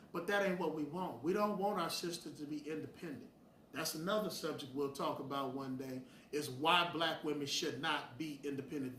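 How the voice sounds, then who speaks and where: A man's voice: fairly high pitch, a bit bright, a little hiss or hum. A middle-aged man, hosting and speaking bluntly and preachily to the audience, with heated bursts. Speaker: host. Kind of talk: opinionated direct-to-camera talk. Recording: roomy sound from a distance.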